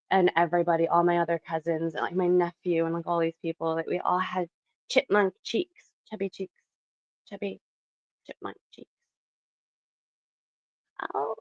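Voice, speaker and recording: A woman in her thirties from Canada, chatting loosely on her live stream with a fairly low voice. She rambles, laughs a lot and drops casual swears, and the audio is dry and a bit dull and lo-fi. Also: no room sound. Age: 30s.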